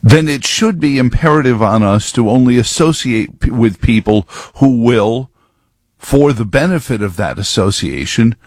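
A man's voice: lowish voice, dry recording. A man giving rambling, sarcastic political commentary full of wordplay.

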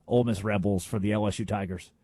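A man's voice: lowish voice, steady tone, fast, warm tone, no room sound, studio quality, pitched below the performer's own voice, close to an everyday voice. A man doing a mocking impression of a showboating, fickle male college football coach. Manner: attention-seeking, flippant. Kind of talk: mocking impression on sports radio.

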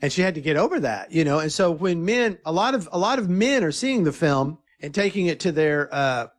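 A middle-aged filmmaker talking in an interview, an earnest and animated storyteller who often restarts his sentences. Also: fairly high pitch, brisk. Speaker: filmmaker guest.

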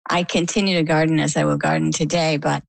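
An older woman recounting a personal story in an interview, animated and full of quoted dialogue. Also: low-pitched, quick pace, creaky, dry recording, low-quality recording. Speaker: interview guest. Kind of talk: conversational storytelling. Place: lives on the coast of Maine.

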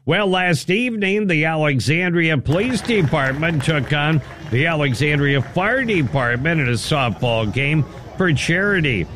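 A man anchoring a local radio newscast in a studio, reading stories in a steady, even way. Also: a little high, a little slow, few pauses, a little hiss or hum. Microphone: close studio mic.

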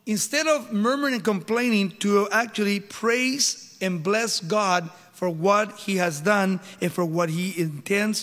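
A man's voice: high voice, fairly bright tone. A male pastor preaching a sermon, emphatic, with rhetorical questions and dramatic retelling, in a church hall.

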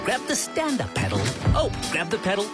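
Female commercial voice, upbeat and rhythmic, over loud music. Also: medium pitch, wildly swooping pitch, a little fast.

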